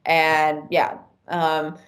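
A woman's voice: sits low, very slow. A woman telling a personal story in a casual podcast chat, with many "like" fillers. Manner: animated, talks with many "like" fillers.

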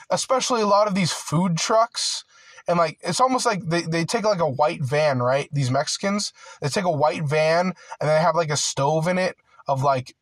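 A man's voice: a little high, dry recording, rough recording. Profane ranting man, dry sound. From United States. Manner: profane, rambling, filler-heavy with many "like"s and restarts; aggrieved and heated. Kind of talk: casual ranting monologue.

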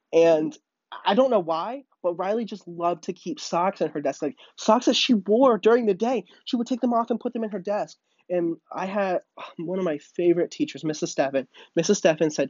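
Guy chatting thru a storytime vlog, kinda high voice, dull dry sound. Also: darkish tone, no room sound. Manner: chatty, laughing, lots of "like" and "literally". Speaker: vlogger telling a childhood story. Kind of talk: casual storytime.

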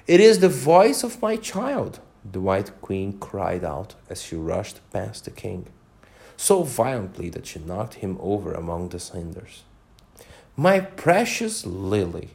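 A man's voice: on the low side, vocal fry, a little mellow. A man reading a children's story aloud in a casual way, with slips and small asides.

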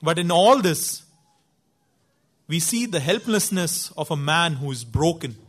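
A man's voice: a little high, measured pace, breathy edge. A man preacher giving a sermon, telling a story in an earnest, emphatic way.

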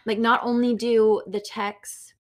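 A young woman co-hosting a podcast, telling stories in animated casual chat with quick bursts of speech. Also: a little high. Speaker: podcast co-host.

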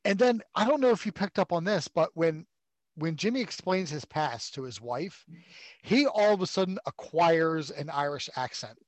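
A man with a fairly high voice riffs sarcastically on a movie, rambling and swearing as he goes. He sounds close and dry, with no room around him. It is loose, casual podcast talk. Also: expressive, moderate pace, no echo. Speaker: podcast co-host.

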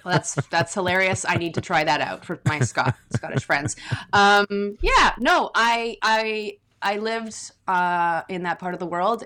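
A woman's voice: on the low side, fairly bright tone. A woman from British Columbia, a guest actor chatting in an interview, talking freely with fillers and frequent laughs. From British Columbia, Canada. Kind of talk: casual interview chat.

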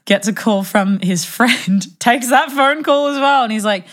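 A young woman telling a dating story in casual chat, animated and self-mocking, acting out the quotes. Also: on the high side, measured pace, few pauses.

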